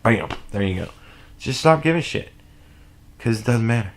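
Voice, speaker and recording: A man giving casual reaction commentary, animated and profane, rambling with restarts and sounding sleep deprived. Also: lowish voice, moderate pace, creaky, a little hiss or hum. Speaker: commentary vlogger.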